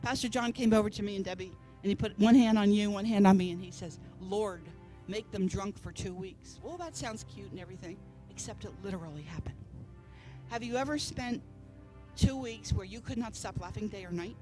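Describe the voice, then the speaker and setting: A woman preaching a testimony to a church gathering, her voice at a middle pitch. She tells the story in an animated way and acts out the people she quotes. Faint music plays behind her. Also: brisk. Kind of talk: testimony sermon. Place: church service.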